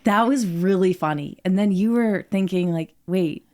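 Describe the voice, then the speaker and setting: A woman's voice: mid-range voice, moderate pace, darkish tone. A woman co-hosting a podcast, chiming in with short reactions and questions in casual chat. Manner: brief reactions and interjections. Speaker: podcast co-host.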